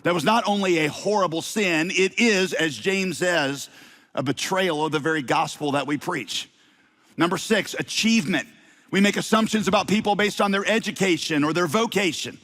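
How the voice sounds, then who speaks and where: Male pastor, middle-aged, slight Southern accent, higher-pitched voice, lively sermon delivery with jokes. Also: moderate pace. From Southern United States. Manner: lively preaching with playful asides.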